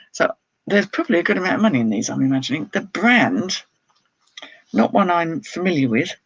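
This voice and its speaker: A woman's voice: fairly low pitch, expressive, unhurried, long pauses, breathy edge, no room sound, highs cut off. A woman who resells clothes, chatting casually on a live stream, laughing often and reading out viewer comments. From United Kingdom. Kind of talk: casual live-stream chat while showing items.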